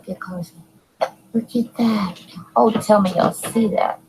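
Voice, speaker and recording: A woman filming her own vlog outdoors while walking her dog, full of awe, calling out in wonder and dropping into hushed whispers. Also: mid-range voice, steady tone, a little slow, slightly rough, poor audio. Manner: awed, exclaiming, drops to hushed whispers. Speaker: sky-watching vlogger. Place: outdoors under open sky, walking a dog.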